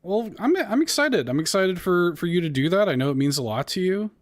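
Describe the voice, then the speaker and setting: Guy cohosting a gaming podcast, kinda high voice, lots of ums and restarts. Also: expressive. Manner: rambling, halting with fillers and restarts. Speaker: podcast co-host. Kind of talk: casual chat.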